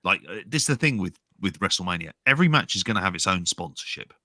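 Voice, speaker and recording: A man's voice: low voice, animated, fast talker, pushed and bright, dry recording, clean studio sound. A man co-hosting a podcast, giving blunt, wry opinions and swearing freely. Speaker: podcast co-host. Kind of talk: casual podcast chat.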